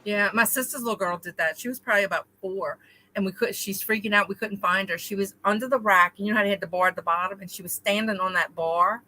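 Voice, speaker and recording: A woman with a bright, forceful voice trades stories in a casual chat between friends, animated as she talks. A faint hum of room noise runs underneath. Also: medium pitch, quick pace, low-quality recording. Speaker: co-host.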